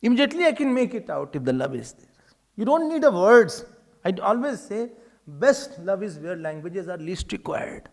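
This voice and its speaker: A male spiritual teacher gives a spiritual discourse. He tells stories in a lively, humorous way and acts out dialogues. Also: sits high, normal speed. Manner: animated storytelling, acting out dialogues with humor.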